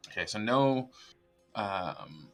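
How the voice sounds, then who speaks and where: A man with a very deep voice works through his dice math out loud at a tabletop game. His tone is bright and sharp. Faint music plays quietly behind him. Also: lively intonation, takes it slowly. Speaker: player. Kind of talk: casual game table talk.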